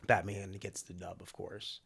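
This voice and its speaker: A man with a gravelly, slightly low voice talks through an idea in a loose podcast chat. His delivery is animated and slangy, and he slips into quick acted quotes. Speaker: podcast co-host. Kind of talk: casual chat.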